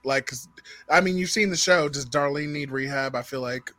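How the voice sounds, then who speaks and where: A man with a high voice talks in a sassy, blunt way, swearing freely as he weighs in. The sound is close and dry. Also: normal speed, sharp tone, no echo, low-quality recording. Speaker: reaction show host. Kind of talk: casual commentary.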